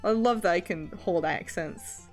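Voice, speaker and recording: A woman's voice: lowish voice, moderate pace, darkish tone, faint music behind. A woman streamer chatting casually, rambling with many fillers and frequent laughter.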